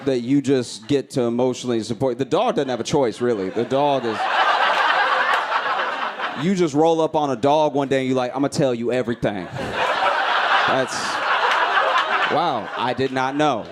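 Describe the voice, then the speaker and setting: A male stand-up comedian telling a story with animated energy, often breaking into shouted voices. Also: mid-range voice, moderate pace, pauses often, very noisy.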